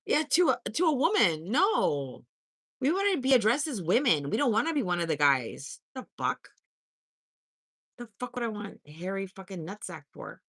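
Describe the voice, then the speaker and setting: A sassy woman in her fifties who chats with live viewers in a blunt, cussing way. Her voice is bright and edgy, and her pitch swings a lot. The sound is close and dry. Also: very animated, moderate pace, no room sound. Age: 50s. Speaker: livestream host. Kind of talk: casual live-stream chat, answering viewer comments.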